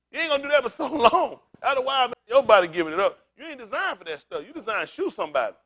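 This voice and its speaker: Pastor guy preaching loose and loud, aave, high voice that jumps all over. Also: quick pace. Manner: loud, animated street preaching, laughing asides.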